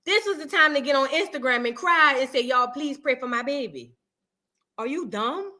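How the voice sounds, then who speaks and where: Woman w/ aave doing a cussing rant on her reaction show, bright sharp voice. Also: fairly high pitch. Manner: blunt, profane, animated with mocking impressions. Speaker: commentary host. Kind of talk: ranting reaction commentary.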